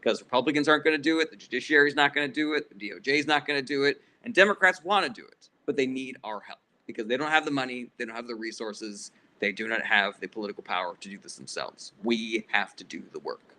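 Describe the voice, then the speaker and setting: Fast, bright-voiced man ranting profanely. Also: medium pitch. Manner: heated, profane, blunt political ranting. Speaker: livestream host answering chat questions. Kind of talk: casual livestream Q&A.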